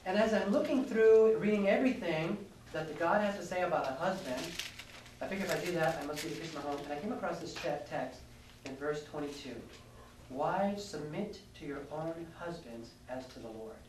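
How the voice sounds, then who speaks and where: A man in the middle of his life preaches to a conference crowd. He tells an honest, self-mocking story and stops now and then to speak to the listeners. The mic sits far off in a roomy hall, with steady noise underneath. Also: on the high side, a little fast. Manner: candid, self-mocking storytelling with audience asides. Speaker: pastor. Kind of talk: sermon. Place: large hall at a youth conference.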